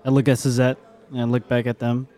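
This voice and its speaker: A man's voice: medium pitch, completely flat delivery, fast talker, dark tone. A man playing a tabletop game, describing his moves plainly. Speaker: player. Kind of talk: casual tabletop game play.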